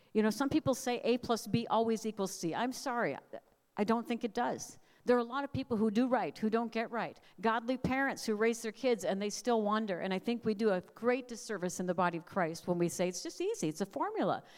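A woman's voice: fairly high pitch, darkish tone. A middle-aged woman giving a conversational, storytelling sermon. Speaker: speaker. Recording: reverberant hall.

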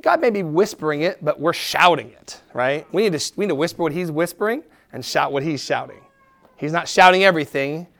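A middle-aged man preaching a sermon, animated, acting out quoted voices and dropping to a soft tone for encouragement. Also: fairly high pitch, a little fast, gravelly. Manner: drops to a soft, quiet tone for encouragement. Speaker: pastor.

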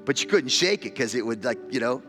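Man preaching a sermon over soft music. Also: mid-range voice, lively intonation, a little fast. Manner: storytelling, repeats words, builds to loud emotional climax. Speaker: pastor. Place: church hall with an audience.

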